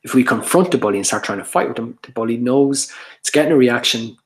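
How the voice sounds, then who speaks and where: A man's voice: medium pitch, expressive, fast talker. A man giving an earnest, explanatory workshop talk on social anxiety, often restarting his sentences.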